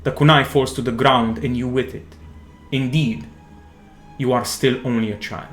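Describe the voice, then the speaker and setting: A man, narrating a tabletop game as game master in a slow, dramatic second-person style. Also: mid-range voice, steady tone, echoey room, faint music behind.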